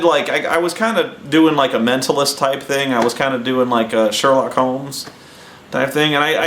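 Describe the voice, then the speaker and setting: Animated man telling a rambling story. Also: medium pitch, roomy sound, a little hiss or hum. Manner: rambling, animated, acting out quotes. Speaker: host. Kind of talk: casual anecdote telling.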